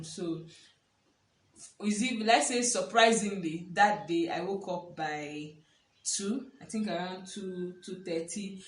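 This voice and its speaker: A young woman telling a personal story in casual chat, animated and laughing often as she acts out what people said. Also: on the low side, normal speed. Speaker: vlogger. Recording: echoey room, a bit far from the mic.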